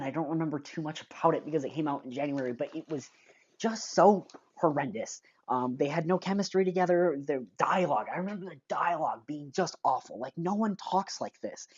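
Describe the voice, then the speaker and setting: Low-voiced woman, casual movie reviewer, blunt and rambling, slightly dull lo-fi sound. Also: darkish tone. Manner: blunt and rambling, sighs, gropes for names.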